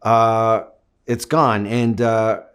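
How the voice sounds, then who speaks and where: A man's voice: lowish voice, flat delivery, extremely slow, a bit bright, clean tone. Thoughtful middle-aged man from Canada. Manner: reflective, thoughtful, long winding answers. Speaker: actor guest. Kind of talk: interview answers.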